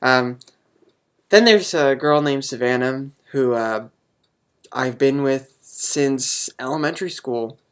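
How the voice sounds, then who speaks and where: Young man vlogger, unsure and halting, earnest, wears his heart on his sleeve. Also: mid-range voice, fairly bright tone, clean tone. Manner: hesitant, halting, full of ums; earnest and openly emotional. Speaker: vlogger answering viewer questions. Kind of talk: casual chat to camera.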